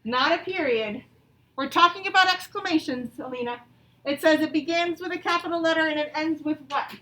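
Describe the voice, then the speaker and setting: A woman teaching a grammar lesson to young pupils, patient and encouraging, reading example sentences out slowly. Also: sits high, pushed and bright. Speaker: elementary school teacher. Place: classroom, also streamed to pupils at home. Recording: echoey classroom from far off.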